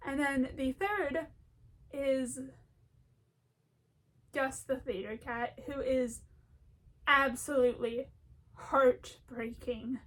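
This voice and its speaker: A young woman with a high, light voice talks in a loose, rambling way. She stays chatty and animated and laughs often as she goes. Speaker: video essayist. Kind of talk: rambling casual commentary.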